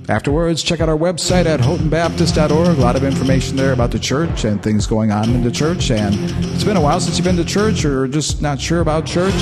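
Man announcing over loud guitar music. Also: medium pitch. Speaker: podcast announcer. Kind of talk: church podcast intro.

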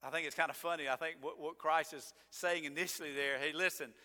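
A man's voice: on the high side, steady tone, brisk, hardly any pauses, pushed and bright. A male pastor preaching a sermon in a conversational, emphatic way, breaking into sarcastic asides. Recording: long reverb of a church hall.

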